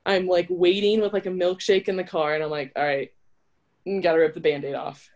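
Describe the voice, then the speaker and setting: A woman's voice: on the low side, level tone, fairly quick, darkish tone. A young adult woman, an interview guest and college volleyball player, telling her story in a chatty, casual way that is full of "like". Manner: chatty, with frequent filler "like".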